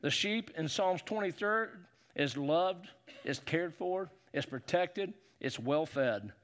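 A man preaching a sermon as pastor, calling on the congregation to answer and rising to shouts. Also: high-pitched, expressive, slow pace. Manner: preachy call-and-response, building to shouts.

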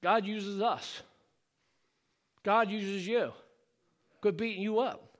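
A man delivers a fervent church sermon in a high-pitched voice. His tone is bright and ringing, and he keeps drawing responses from the congregation. He builds to shouted, rousing exclamations. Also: steady tone, slow pace. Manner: fervent preaching that swells into shouts. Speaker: pastor. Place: church sanctuary.

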